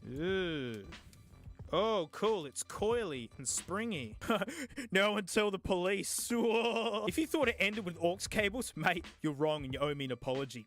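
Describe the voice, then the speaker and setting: A man hosting a casual product-review vlog, excitable, joking and sarcastic as he talks. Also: high voice, moderate pace. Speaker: host.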